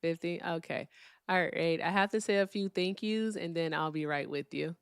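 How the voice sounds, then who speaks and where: A woman's voice: lowish voice, normal speed, clear, resonant tone, no echo, clean studio sound. Blunt, profane woman hosting a call-in stream. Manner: blunt, profane, dismissive of callers. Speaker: live-stream debate host. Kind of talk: live call-in stream talk.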